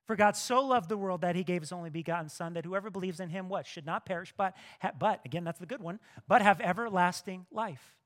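A male pastor preaching a sermon, lively, swinging between hushed asides and loud emphatic bursts. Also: high-pitched, brisk, hardly any pauses.

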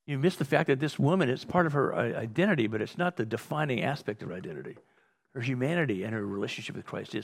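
A male pastor delivering a sermon in a relaxed, conversational way. His mid-range voice is gravelly and a little husky, and it has a rough edge. He often restarts phrases and slips into short acted asides. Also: mid-range voice, fast talker.

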